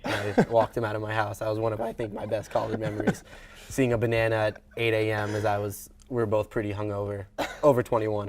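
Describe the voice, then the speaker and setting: A man's voice: on the low side, vocal fry. A young man giving an earnest, chatty farewell speech as a co-host in a studio, slightly choked up. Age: young adult.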